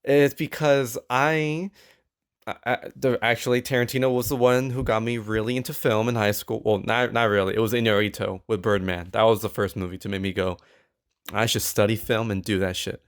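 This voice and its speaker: A man with a fairly low voice co-hosts a podcast in a loose, casual chat. He talks in an animated way, stammers and restarts, and throws in quick asides. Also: smooth. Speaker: podcast co-host.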